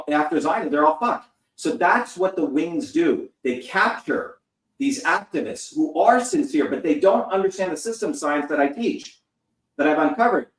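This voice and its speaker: Man in his fifties, interview guest, fiery and profane, lectures hard; echoey room, heard from a distance. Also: a little high. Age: 50s. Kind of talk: heated interview talk. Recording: roomy sound, distant from the mic.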